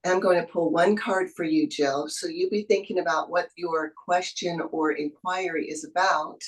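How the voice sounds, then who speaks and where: A woman with a lowish voice gives a tarot reading over a video call. She speaks in a soothing, encouraging way, full of spiritual phrasing. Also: steady tone, normal speed, rough recording. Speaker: tarot reader.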